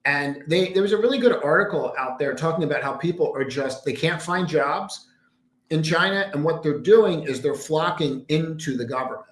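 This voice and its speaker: A man with a somewhat high, slightly bright voice hosts a casual trading livestream from a room in his condo. He rambles, stresses his points, and mutters asides toward the screen, all with a roomy echo on the recording.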